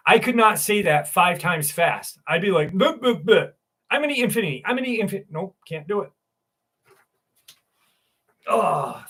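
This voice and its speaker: A man with a voice a touch higher than usual hosts a casual live stream. He greets viewers by name and reacts to their comments in loose, chatty talk with the odd curse and plenty of laughs. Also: bright, forceful tone.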